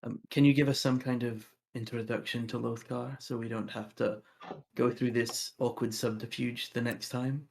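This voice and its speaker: Man with a gravelly voice playing a tabletop game, casual, thinks out loud. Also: medium pitch, level tone, normal speed. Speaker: player.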